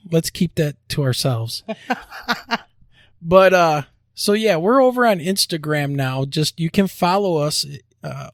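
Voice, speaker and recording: A man hosting a podcast, joking around and spelling out web addresses slowly. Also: fairly high pitch, no echo, clean studio sound. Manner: upbeat, jokey promo delivery, spells out web addresses slowly. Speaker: podcast host. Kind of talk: casual podcast chat and announcements.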